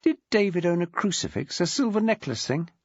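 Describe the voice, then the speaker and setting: Man doing a tactful woman detective, gentle probing questions, lively pitch, dry dull sound. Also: brisk, no room sound, full character voice. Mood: measured.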